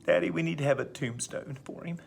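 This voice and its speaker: A man voicing a four-year-old boy who keeps pleading with his father, his pitch raised into a childlike register. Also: brisk, creaky, a little hiss or hum. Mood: tearful pleading. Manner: pleading, repeats "Daddy, Daddy". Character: little boy, four years old, earnest.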